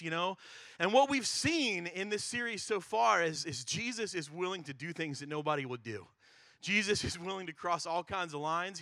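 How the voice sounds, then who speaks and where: A man's voice: fairly high pitch, sharp tone, no echo, studio quality. A man preaching a sermon in a conversational, chatty way, with plenty of filler words. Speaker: pastor.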